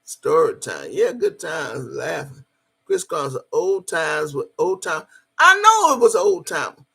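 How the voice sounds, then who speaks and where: A woman telling a personal story in a casual, animated way, swearing freely as she goes. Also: deep voice, takes it slowly, gravelly, slightly rough.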